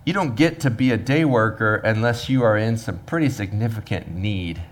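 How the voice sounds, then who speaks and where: A man's voice: lowish voice, moderate pace. A man, a pastor preaching a sermon and acting out the workers with humor. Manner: animated, acts out the workers' voices with humor.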